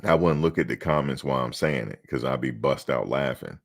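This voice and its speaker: A man with an extremely low, gravelly voice hosts a loose sports talk show. He riffs and jokes, slipping into mock quotes as he talks. His delivery is casual and animated. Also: brisk.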